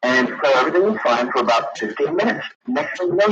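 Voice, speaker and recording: Here the man sounds on the high side, bright in tone, with lively intonation and a fast pace. He rings a late-night radio show to tell a wandering story, stumbling through restarts and filler words. The lo-fi broadcast is dull and has a crowd in the background.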